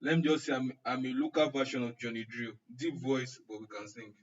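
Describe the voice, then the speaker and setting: A man's voice: medium pitch, steady tone, a little fast. Joking Nigerian man on muffled stream. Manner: chatty and joking, answering chat comments by name. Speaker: online class instructor. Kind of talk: casual chat with a live-stream audience. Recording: muffled, distant live-stream audio.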